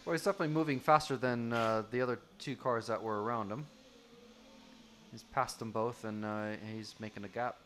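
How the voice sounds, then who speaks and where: A man's voice: mid-range voice, steady tone, brisk, a bit bright, a little hiss or hum. A man adding hesitant, easygoing remarks as co-commentator on a live race.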